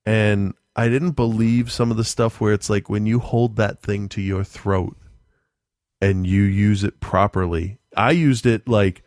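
A man chatting casually, swearing freely and telling stories with dark humor and frequent laughter. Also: fairly low pitch, steady tone, a little slow, no echo, clean studio sound. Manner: profane, darkly joking, laughs often. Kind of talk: casual chat.

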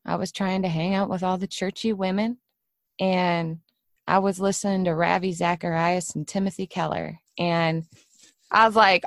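A middle-aged woman hosts a casual podcast conversation, telling her stories with energy and acting out the voices she quotes. Her lowish voice is steady at a moderate pace. There is no echo.

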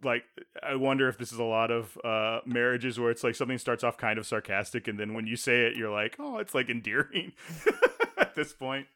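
A man's voice: mid-range voice, fairly even intonation, sharp tone, smooth. A man in his thirties co-hosting a casual podcast chat, talkative and laughing between his stories. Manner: chatty, laughing, quick asides. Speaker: podcast co-host.

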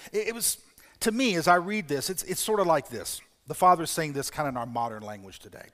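A fairly high-voiced man preaches in a church, his words trailing off into a long hall reverb. He tells a story with care and drops to a near hush for the pleading lines. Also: animated, fairly quick. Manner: storytelling, dropping to hushed tones for quoted pleas. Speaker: pastor. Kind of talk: sermon.

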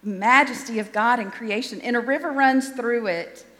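A woman's voice: on the high side, normal speed, a bit bright, long reverb tail. A woman pastor giving a sermon in a conversational, self-deprecating way, often restarting her sentences.

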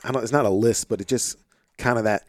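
A man hosting a podcast with an Arkansas-tinged Midwestern accent, chatting in a relaxed, rambling way full of fillers, recorded in a home office. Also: mid-range voice, quick pace, no room sound, clean studio sound. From St. Louis, Missouri. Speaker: podcast host. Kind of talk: casual conversation.

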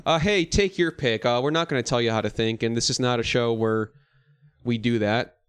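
Smooth-voiced joking podcast host. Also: male voice, medium pitch, fairly quick, a bit bright, dry recording. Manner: jokey, steers the topics, laughs often. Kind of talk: casual chat.

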